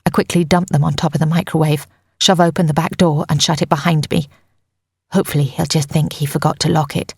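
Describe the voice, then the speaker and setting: A woman's voice: sits low, steady tone, a little fast, creaky, a little mellow, husky, no room sound. A woman narrating a tense first-person audiobook on a close mic, in an urgent storytelling manner.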